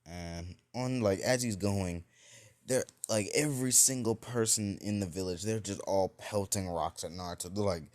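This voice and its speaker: A man with a very low voice tells an improvised fan-fiction story in a loose, rambling way. He keeps circling back with fillers and restarts, like someone making it up as he goes. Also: normal speed, darkish tone.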